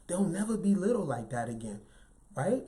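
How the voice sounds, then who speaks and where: This motivational speaker is a man with a light, youthful, high-pitched voice who talks at normal speed. His talk is animated and emphatic, and he often ends lines with "right?"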